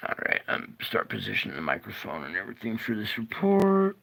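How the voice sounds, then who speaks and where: A man presenting a casual live-stream weather report, talking in a slow, stop-start way and praying aloud under his breath when things go wrong. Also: on the low side, huge pitch swings, creaky, a bit bright.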